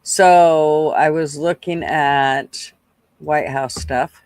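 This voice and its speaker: Man, live stream host, unhurried delivery, wry asides, dry close sound. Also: fairly high pitch, steady tone, clear, resonant tone, dry recording. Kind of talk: casual reaction commentary.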